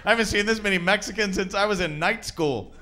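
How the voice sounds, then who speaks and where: A man's voice: high-pitched, quick pace, background noise. A man performing a stand-up comedy set on a comedy club stage, brash and crude, teasing the audience as he goes.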